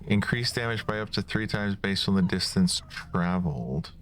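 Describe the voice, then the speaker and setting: A man's voice: sits low, expressive, normal speed, slight background noise. A man streaming a video game, chatting casually and musing aloud as he reads the on-screen text. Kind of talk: casual gameplay commentary.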